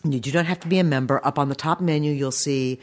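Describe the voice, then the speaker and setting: An experienced animation voice director in middle age, talking in an emphatic, lively way. Gives practical advice in an interview. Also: mid-range voice, fast talker.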